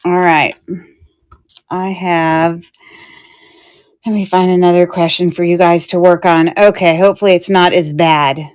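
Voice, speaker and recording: Hosting a casual live-stream jewelry sale, this woman talks at a measured pace with long pauses in a lowish, smooth, slightly mellow voice and a steady tone. She chats with viewers, laughs easily, and leans on frequent fillers.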